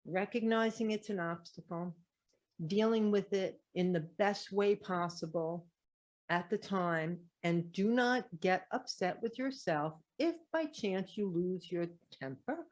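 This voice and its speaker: A woman's voice: mid-range voice, a little slow, darkish tone. Earnest woman spiritual teacher. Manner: earnest, repeats rhetorical questions. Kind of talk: motivational spiritual talk to camera.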